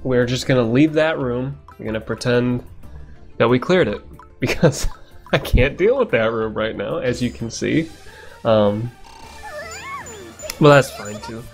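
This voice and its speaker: A man's voice: mid-range voice, unhurried, creaky, long pauses, faint music behind. A man giving casual, rambling let's-play commentary, swearing now and then and chuckling to himself. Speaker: gameplay commentator.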